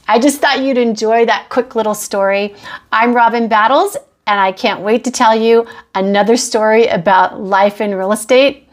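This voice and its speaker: A woman's voice: fairly high pitch, normal speed. A middle-aged woman hosting a podcast, telling a personal work story in a chatty, anecdotal way. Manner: chatty, anecdotal, with acted-out quotes. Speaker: podcast host and real estate agent. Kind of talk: storytelling monologue.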